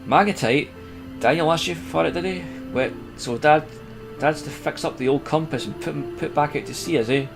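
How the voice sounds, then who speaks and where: A man voicing a broken, weary older fisherman in a video game, grumbling in a rough rustic dialect. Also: fairly high pitch, moderate pace, music in the background. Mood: gloomy.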